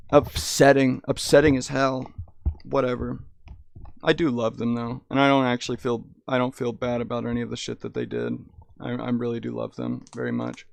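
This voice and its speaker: A man's voice: fairly high pitch, gravelly, clear, resonant tone, no room sound, studio quality. A young man streaming in VR, chatting casually and rambling, swearing a lot and saying "dude". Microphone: headset in VR.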